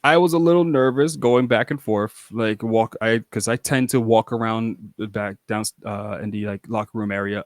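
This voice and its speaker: A man's voice: lowish voice, fairly even intonation, normal speed, hardly any pauses, no room sound, clean studio sound. A young man, a wrestler guest on a podcast, telling rambling, casual stories full of restarts and acted-out quotes. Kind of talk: casual storytelling.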